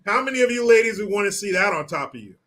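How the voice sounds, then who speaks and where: A male livestream host with a high, lively voice that jumps all over as he mocks and jeers. He talks crudely and at an unhurried pace, with a bright, forceful tone. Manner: crude, mocking, theatrical swings in pitch. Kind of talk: casual commentary livestream.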